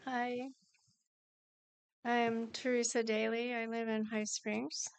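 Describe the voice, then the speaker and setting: A woman giving a prepared public comment at a meeting, measured and earnest. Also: a little high, level tone, creaky, very noisy. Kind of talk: prepared statement at a council meeting.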